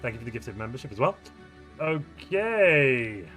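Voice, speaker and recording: A man's voice: medium pitch, rapid-fire, soft background music. A man live-streaming a strategy game, casually chatting and joking with viewers as he reads their messages. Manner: chatty, answers viewer chat, playful and jokey. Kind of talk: live-stream chat while gaming.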